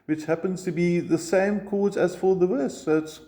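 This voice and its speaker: A man's voice: high voice, fairly even intonation, normal speed, dark tone. A man teaching a ukulele lesson, explaining chord shapes step by step and counting strums aloud. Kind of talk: music lesson.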